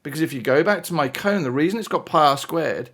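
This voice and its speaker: A man's voice: on the high side, expressive, fast, vocal fry, fairly bright tone. A British man teaching a maths lesson in a chatty, playful way, with exclamations and asides as he works through examples. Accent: British English. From United Kingdom.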